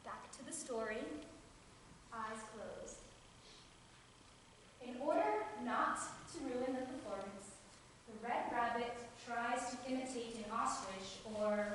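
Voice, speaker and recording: A woman stage actor giving a live solo theatre performance, talking straight to the audience in an animated way and laughing often. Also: on the high side, a little slow, a little hiss or hum. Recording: echoey hall recorded from far off.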